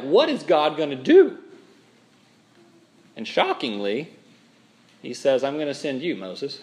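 Animated, slightly high-voiced male pastor. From Minnesota. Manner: animated storytelling with dramatic emphasis. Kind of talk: sermon.

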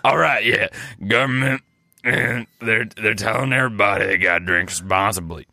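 A man puts on a drunk beer company boss who rambles, swears and keeps apologizing. His voice is low and gravelly with a sharp, bright edge, and the sound is dry and close. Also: normal speed, no room sound, exaggerated voice. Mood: rambling. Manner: rambling, apologetic, swearing, clears throat often. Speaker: podcast co-host doing improv. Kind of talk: improvised comedy character.

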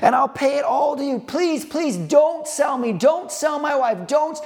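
A man's voice: very high voice, expressive, a little slow, a little mellow, pitched above the performer's own voice, full character voice. A preacher voicing a desperate male servant who begs his master for mercy and time. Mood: pleading. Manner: pleading, frantic, repeating please.

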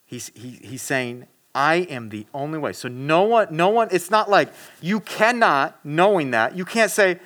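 A man's voice: fairly high pitch, lively intonation, unhurried, hardly any pauses, a bit bright. A man giving a casual, conversational sermon, talking straight to his listeners with lots of fillers and restarts. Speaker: preacher.

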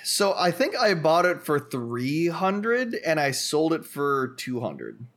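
A man's voice: a little high, wildly swooping pitch, takes it slowly, fairly bright tone. A young man co-hosting a podcast, chatting casually and explaining things in eager detail. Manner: enthusiastic, explains gear in detail. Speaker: podcast co-host. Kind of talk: casual chat.

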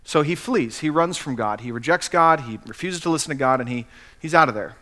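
A pastor preaching a sermon in an animated, emphatic storytelling manner. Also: male voice, on the high side, brisk.

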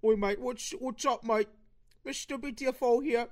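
A man's voice: extremely high pitch, steady tone, normal speed, voice pushed up. A man voicing a brash, boastful Cockney bloke in a mock Cockney accent, swaggering and tacking "mate" onto every line. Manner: swaggering, repeats "mate", insulting.

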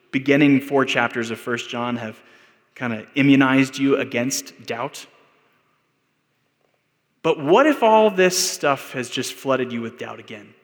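A man's voice: medium pitch, fairly bright tone. A man with an American accent preaching a sermon as pastor, earnest and building to emphatic peaks. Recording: long hall reverb.

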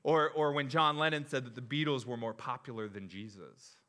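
A young man preaching a sermon in an animated, joking way, acting out the crowd's reactions. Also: medium pitch, moderate pace. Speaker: pastor.

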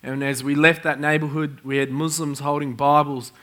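A middle-aged man preaching to a church crowd, his voice bright and forceful and pitched a little above the usual male register. He tells stories with excitable energy, chuckling often as he talks. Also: normal speed. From Australia. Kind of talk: sermon with storytelling. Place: church in front of a congregation.

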